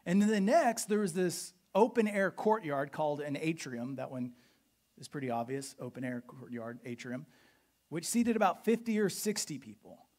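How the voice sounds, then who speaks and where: A pastor preaching a sermon, explaining history with an animated, questioning teaching manner. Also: medium pitch, normal speed. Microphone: podcast recording of a live sermon.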